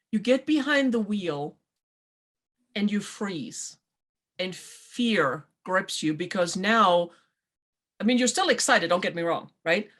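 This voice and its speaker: A woman hosting a talk show, chatting in a casual motivational way and acting out quoted voices with lively swings. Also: medium pitch, slow pace, long pauses. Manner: animated, acts out quoted voices. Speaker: podcast host.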